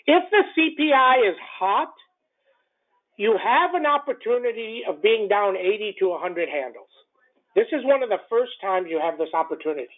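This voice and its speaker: A man's voice: sits high, lively intonation. Brash man ranting over a tinny line. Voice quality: blunt, brash, profane. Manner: rapid ranting with stumbles and repeats. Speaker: trading show host. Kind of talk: morning market commentary. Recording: narrow phone-like audio.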